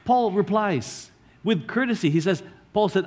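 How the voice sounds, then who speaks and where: A male pastor preaching a sermon, earnestly explaining scripture line by line and slowing down to stress key words. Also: high-pitched, expressive, darkish tone.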